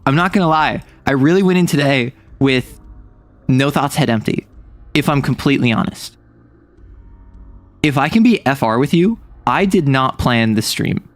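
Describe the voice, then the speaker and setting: A man's voice: medium pitch, lively intonation, normal speed, no echo. A young man from the United States streaming a casual chat, rambling and joking, often cutting himself off mid-thought. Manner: rambling, jokey, self-interrupting.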